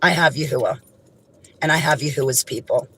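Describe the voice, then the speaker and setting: A woman speaking straight to her viewers in an impassioned, emphatic monologue. Her indignation comes through in raised outbursts that drop into low, heavy lines. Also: a little fast, a bit bright, slight background noise, poor audio. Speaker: vlogger. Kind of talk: direct-to-camera monologue.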